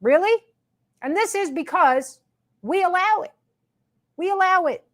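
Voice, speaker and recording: A woman's voice: extremely high pitch, animated, unhurried, a bit bright. A woman hosting her own commentary show, ranting with sarcasm and emphatic repetition. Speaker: commentary host.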